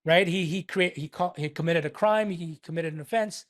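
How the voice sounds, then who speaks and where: Animated man explaining. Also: on the high side, normal speed. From Philippines. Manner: animated, emphatic, repeats points. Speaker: podcast guest. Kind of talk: casual explanatory discussion.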